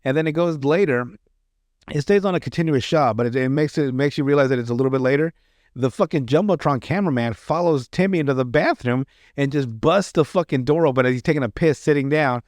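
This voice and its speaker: A man's voice: mid-range voice, quick pace, darkish tone, no echo, clean studio sound. A man hosting a podcast, retelling comedy sketches in casual chat, rambling and profane, with lots of restarts. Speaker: podcast host.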